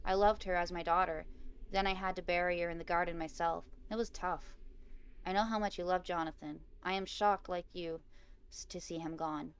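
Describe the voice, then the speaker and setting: A man's voice: high-pitched, steady tone, normal speed, fairly bright tone, clean tone. A woman reading aloud the lines of a kindly male neighbor in a text horror game, with a plain, sympathetic delivery.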